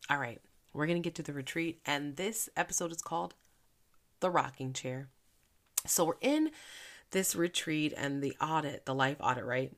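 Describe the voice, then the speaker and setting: A woman with a very deep, gravelly voice hosts a devotional podcast in an easy, conversational way. She is from Philadelphia and sounds earnest. She drops to a soft hush when she turns to prayer. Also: animated, moderate pace. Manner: chatty and earnest, with soft hushed stretches during prayer. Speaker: faith podcast host and minister. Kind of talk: casual devotional podcast talk.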